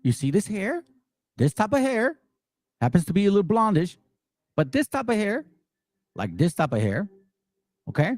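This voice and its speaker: An angry man holds forth in a high voice that leaps all over the place. He talks in a profane, mocking way and keeps repeating himself. The sound is dry and close, with no room echo. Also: wildly swooping pitch, normal speed, pauses often, darkish tone. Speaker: religious commentary channel host. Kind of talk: heated monologue commentary.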